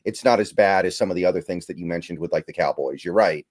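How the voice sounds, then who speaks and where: Low-voiced man, stammering. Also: fast talker, darkish tone. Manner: thoughtful, stammering restarts. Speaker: podcast host. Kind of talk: casual sports talk stream.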